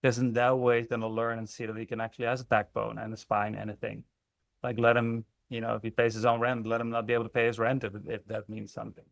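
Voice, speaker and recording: A man's voice: mid-range voice, completely flat delivery, quick pace, vocal fry, no room sound, clean studio sound. A man working as a relationship coach, talking bluntly and emphatically with frequent swearing in an interview. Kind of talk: candid interview conversation.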